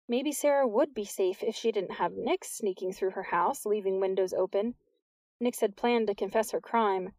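A woman reading a novel aloud as an audiobook narrator, with smooth, even storytelling. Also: medium pitch, no echo. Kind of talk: scripted narration.

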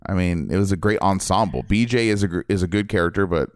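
A man's voice: low voice, fast, dry recording, clean studio sound. A man chatting casually about a video game as podcast co-host, laid-back and laughing often. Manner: laid-back, laughs often, acts out silly voices in quotes.

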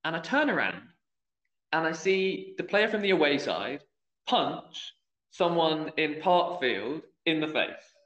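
Here the same kind of storyteller, a young youth football referee chatting casually on a podcast, performs the quoted lines himself. His voice runs fairly high and very animated, he takes his time, and the tone is fairly bright. An echoey room gives the recording a dull, lo-fi quality.

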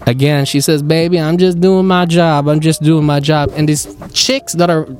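A man with a Filipino accent hosting a podcast, telling a story in a casual, animated way and jumping into high excited voices for the people he quotes. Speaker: podcast host.

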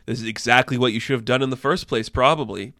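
A man hosting a casual movie news show, talking with excitable enthusiasm and frequent swearing. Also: mid-range voice, quick pace, no echo, studio quality. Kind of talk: casual entertainment news commentary.

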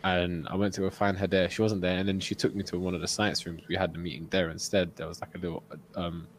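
Low-voiced young man telling a story. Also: fast talker, a little hiss or hum. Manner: animated storyteller, acts out quotes, laughs often. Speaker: podcast co-host. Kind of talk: casual storytelling chat.

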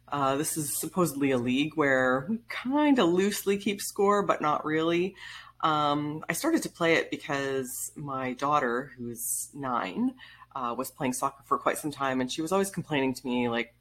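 A woman in her thirties telling a story in a casual vlog, animated and wry, blunt, swearing casually and laughing as she goes. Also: deep voice, normal speed. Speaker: vlogger.

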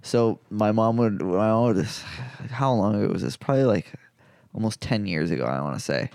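Gravelly man, rambling casual storytelling. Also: lowish voice, expressive, moderate pace, a little mellow, no room sound, studio quality. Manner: rambling storyteller, many fillers, laughs often. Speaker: podcast co-host. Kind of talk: casual chat.

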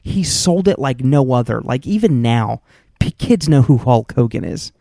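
A man's voice: medium pitch, animated, creaky, warm tone, no echo, clean studio sound. A man co-hosting a casual movie review podcast, rambling and restarting his sentences. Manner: rambling, halting, many restarts.

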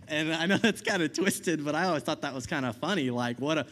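Young male preacher, higher voice, chatty sermon delivery, keeps asking the room "right?". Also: lively intonation, brisk, a bit bright. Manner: casual, conversational preaching with frequent "right?" and laughs.

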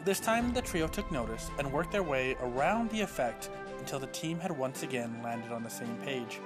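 A man's voice: medium pitch, lively intonation, normal speed, roomy sound, over music, low-quality recording. A man narrating a tabletop game as game master, loose and chatty with many fillers.

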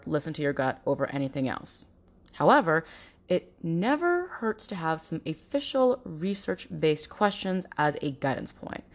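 A woman with a low-pitched voice hosts an informative podcast. She talks earnestly and directly to listeners and sometimes slips into mocking voices to mimic other people. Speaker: podcast host.

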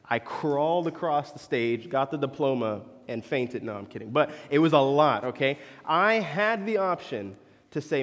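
A man's voice: mid-range voice, animated, moderate pace, a bit bright, in a large hall. A young man preaching a sermon as a conversational story, with joking asides to the congregation.

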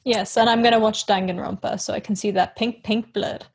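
A woman's voice: medium pitch, steady tone, brisk, gravelly, breathy edge. A young woman co-hosting a podcast, chatting casually in a giggly, rambling, self-mocking way, wired on coffee. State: caffeinated. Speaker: podcast co-host. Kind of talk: casual chat.

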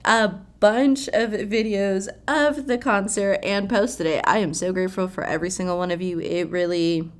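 This young podcast host keeps the celebrity gossip casual, dropping swear words and laughing frequently. Her mid-range voice holds a fairly even intonation at normal speed, with few pauses.

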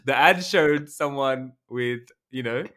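Male podcast co-host, bright tense tone, joker who does voices. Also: medium pitch, slow pace. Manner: joking, playful, mimics voices. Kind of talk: casual chat.

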